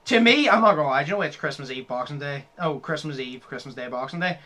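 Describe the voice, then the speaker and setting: Bright-voiced young man. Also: a little high, lively intonation, quick pace. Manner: swears freely, laughs often, retells comedy scenes. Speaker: podcast co-host. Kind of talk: casual podcast chat.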